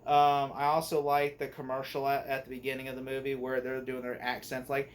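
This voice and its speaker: A man's voice: medium pitch, fairly quick, hardly any pauses. A young man giving a casual spoken movie review, rambling with many fillers and restarts.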